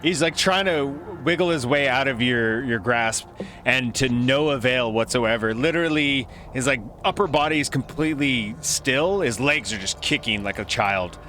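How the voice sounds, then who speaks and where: A man in a mid-range voice running a tabletop role-playing session as game master. He narrates loosely and chattily, with lots of filler words. His voice sits at an ordinary mid pitch throughout. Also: normal speed, bright, forceful tone, a little hiss or hum.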